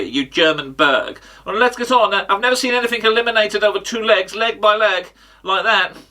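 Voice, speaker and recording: A man's voice: high-pitched, sharp tone. A man impersonating a boastful, insulting male radio phone-in host in a comic sketch. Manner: rapid, boastful, rude. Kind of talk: comic impression.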